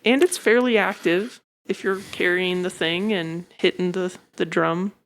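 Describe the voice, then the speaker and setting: A woman's voice: lowish voice, steady tone, unhurried. A woman hosting a casual podcast chat, blunt and teasing toward her co-host. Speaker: podcast host, fitness coach.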